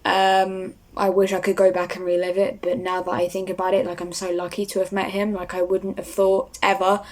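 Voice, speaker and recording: A woman's voice: fairly low pitch, monotone, fairly quick, a little mellow. A young woman, talking casually to camera as a vlogger and rambling with lots of fillers. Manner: rambling, starstruck, many fillers.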